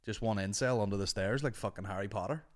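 A man's voice: lowish voice, quick pace. A man with a Northern Irish accent hosting a podcast, telling rambling, sweary stories in casual chat. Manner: sweary, rambling, animated anecdotes. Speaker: podcast host.

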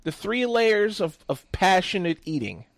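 A man's voice: high-pitched, very animated, a little slow, no echo. A man in casual podcast chat, rambling and profane, jumping between stories.

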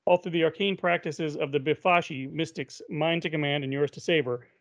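A man's voice: on the high side, steady tone, fairly quick, lightly acted. A man reading a showy street magician. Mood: grandiose. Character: showy male street magician, carnival barker. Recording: muffled lo-fi recording.

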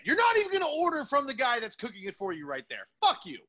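A man joining a casual chat, ranting bluntly and swearing as he goes. His voice is bright and tense, sitting a little high. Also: wildly swooping pitch, very fast, few pauses.

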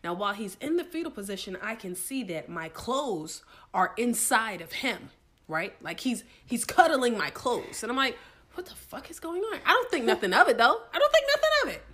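Young woman, podcast co-host, animated and swearing, pitch swings wide, sits a bit high. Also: moderate pace. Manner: animated, profane, laughing storyteller. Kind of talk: casual storytelling chat.

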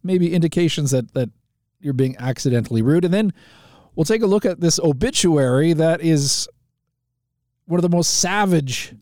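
A man's voice: a little high, expressive, moderate pace, darkish tone, no room sound, studio quality. A man from Canada hosting a live call-in talk show, chatting casually with rambling asides, fillers and restarts.

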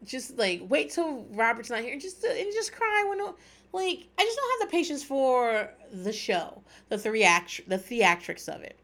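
A woman's voice: a little high, big pitch swings, normal speed, hardly any pauses, fairly bright tone. A woman hosting a podcast, chatting casually and candidly, swearing freely and laughing often. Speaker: podcast host. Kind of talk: casual recap chat.

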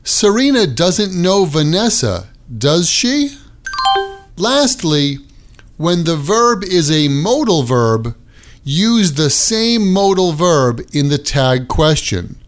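A man teaching an English grammar lesson on his podcast, with a clear and deliberate delivery. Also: a little high, big pitch swings.

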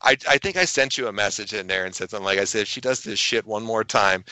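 Blunt man with a bright, dry voice. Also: fairly low pitch, quick pace, clean tone, no echo. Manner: blunt, crude, opinionated. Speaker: podcast co-host. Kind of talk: casual wrestling chat.

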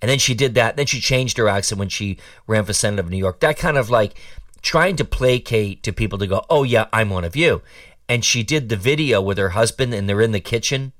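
A man's voice: on the low side, a little fast, fairly bright tone, dry recording, clean studio sound, far from the mic. A man hosting a talk show and giving opinionated political commentary in a sarcastic, mocking, rambling way.

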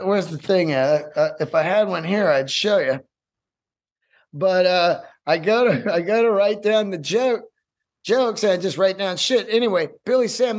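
A man with a fairly high voice talks through a loose, profane monologue as a podcast host. He rambles, circles back and swears often. His delivery stays animated and unscripted. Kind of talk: casual monologue.

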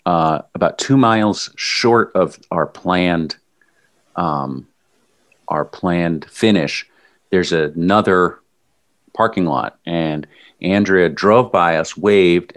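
A man with a very deep voice recounts a long run in relaxed conversation. He tells it as an animated story and sometimes jumps up into loud mimicry. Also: slow pace. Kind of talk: casual chat recounting a run.

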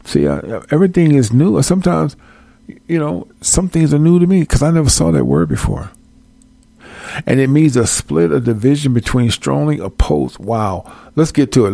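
A man leading a casual Bible study, reading verses and chatting straight at his viewers in a folksy, animated way. His voice is gravelly with a lot of fry, and the recording is close and dry. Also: mid-range voice, moderate pace, no echo. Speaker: Bible teacher.

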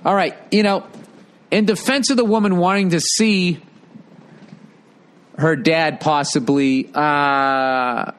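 Blunt, profane man hosting a podcast. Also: fairly high pitch. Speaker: podcast host and stand-up comedian. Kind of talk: casual podcast monologue, reading listener mail.

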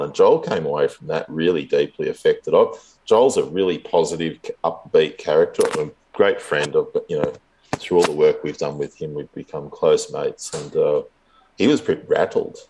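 A man's voice: extremely low pitch, warm tone. A man in his fifties telling a long story in a casual, rambling way, chuckling often as a guest in an interview. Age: 50s.

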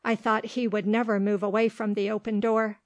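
A woman narrating a storybook in a steady, measured reading voice. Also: mid-range voice, no echo. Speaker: audiobook reader.

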